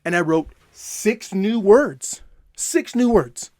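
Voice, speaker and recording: A male motivational coach with a fairly high voice and energetic delivery. He keeps coming back to the same phrases for emphasis. The sound is dry and close, with no room around it. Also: takes it slowly, dry recording. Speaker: self-help coach. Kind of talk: motivational talk.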